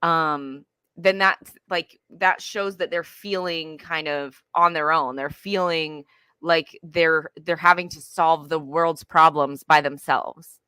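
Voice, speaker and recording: A woman's voice: low voice, fairly even intonation, slow, bright, forceful tone, clear, resonant tone, no room sound. A woman giving earnest parenting advice in casual conversation, with many fillers like "um" and "like".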